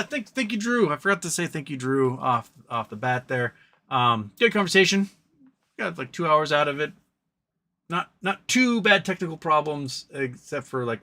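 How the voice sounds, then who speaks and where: A man with a mid-range, sharp-toned voice hosts a live stream, chatting casually about stocks and reading out viewer questions. His delivery rambles, full of ums and self-corrections.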